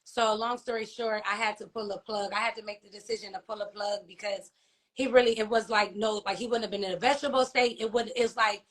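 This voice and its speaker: A grieving mother and author, appearing as an interview guest, gives emotional personal testimony about her loss. She is halting and heartfelt, full of fillers and restarts, pausing often to ask "you know what I mean?" Her medium-pitched voice is steady and fairly bright.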